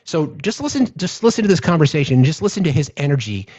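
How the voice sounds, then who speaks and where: A man's voice: fairly high pitch, big pitch swings, quick pace, darkish tone. A man hosting political commentary, ranting with heated, profane outbursts. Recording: dull lo-fi audio.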